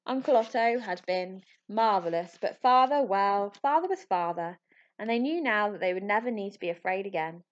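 A woman narrating a children's storybook in a clear, expressive reading voice. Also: medium pitch, moderate pace. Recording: slightly muffled audio.

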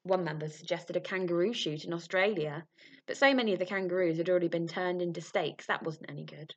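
A woman reading a storybook aloud with lively expression. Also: lowish voice, fast talker. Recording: muffled lo-fi recording.

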